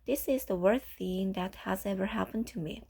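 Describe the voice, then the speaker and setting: A woman's voice: mid-range voice, normal speed, vocal fry, mellow, breathy edge. A woman voicing an emotional, talkative orphan girl in a storybook reading, tearful and pleading. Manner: tearful, pleading, then gushing.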